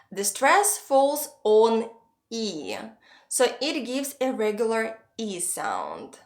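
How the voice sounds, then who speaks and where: A woman teaching pronunciation in an online lesson, slowly saying long words aloud for the viewer to copy. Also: fairly high pitch. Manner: slow, careful modeling of Russian words. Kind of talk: scripted online language lesson.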